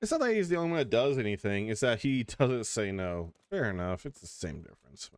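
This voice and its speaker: A man's voice: medium pitch, a little fast, no echo. A man streaming a video game, chatting casually, sarcastic and swearing often. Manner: animated, sarcastic, swears a lot. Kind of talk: casual gameplay commentary.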